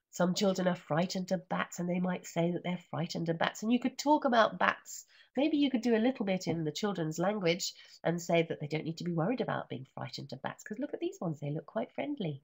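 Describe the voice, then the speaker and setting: A woman teacher trainer reading a picture book aloud and explaining it, with animated, sing-song chanting of the refrain, over a computer microphone. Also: on the low side, normal speed, vocal fry, husky. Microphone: computer microphone in an online session.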